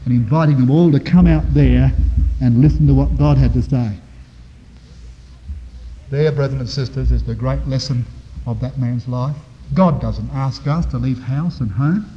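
A man preaching a sermon, explaining Bible verses and often addressing his listeners as brethren and sisters, moving between quiet reflection and loud emphasis. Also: fairly high pitch. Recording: dull, lo-fi recording in a reverberant hall.

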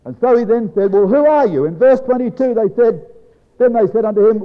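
Man preaching in an echoing hall. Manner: slow, emphatic, dropping low and soft on key phrases; addresses congregation as brethren and sisters. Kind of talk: bible exposition sermon. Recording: dull lo-fi recording with long hall reverb.

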